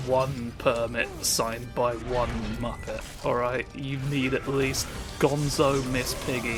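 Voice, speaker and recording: A man's voice: mid-range voice, little pitch movement, takes it slowly, over music. A man giving sardonic gameplay commentary, grumbling and swearing at the game. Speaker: let's play commentator.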